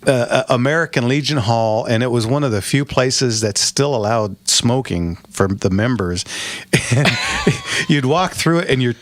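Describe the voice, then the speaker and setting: A man's voice: medium pitch, animated, normal speed, dry recording. A middle-aged man hosting a radio talk show, rambling and chatty, laughing often. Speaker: radio show host and auction owner.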